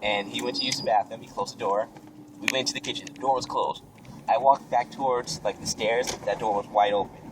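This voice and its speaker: Scared young guy rambling about shadows, far from the mic, windy and loud background. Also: mid-range voice, fairly even intonation, a little fast. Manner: nervous, rambling, easily scared. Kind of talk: casual chat. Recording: distant mic with heavy wind noise.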